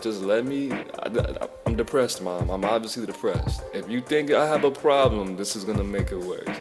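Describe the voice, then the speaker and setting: A young man tells a story in a low voice, in a loose, animated and slangy way, with loud music playing under him. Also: moderate pace. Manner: animated, slangy, keeps saying "bro". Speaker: vlogger. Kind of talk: casual storytime monologue.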